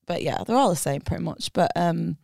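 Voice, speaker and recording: A woman's voice: on the low side, expressive, brisk, creaky, a little mellow, no echo, studio quality. A woman, a comedian, telling an anecdote in casual chat and acting out what others said. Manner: chatty, acts out what others said. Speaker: stand-up comedian and podcast guest.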